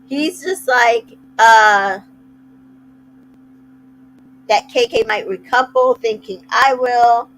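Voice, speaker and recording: A woman's voice: a little high, slow, long pauses, fairly bright tone, rough recording. A woman casually recapping a reality show, chatty and retelling scenes with little quoted asides. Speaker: recap host.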